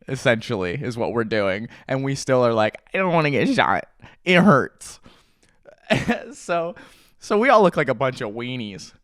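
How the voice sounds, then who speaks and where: A man's voice: medium pitch, no echo, studio quality. A young adult man telling a rambling childhood story at home, laughing often, as a casual morning chat on his channel. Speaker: vlogger. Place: at home with a pet. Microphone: mic on a stand.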